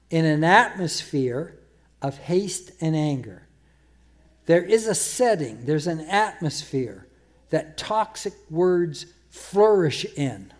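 A man preaching a sermon, emphatic, repeating words and slowing down to quote scripture. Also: on the high side, a little mellow. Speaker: pastor.

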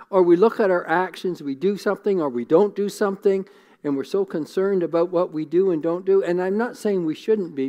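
A man's voice: sits high, darkish tone. A man preaching a sermon in an earnest, conversational way, often repeating words as he thinks. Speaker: pastor.

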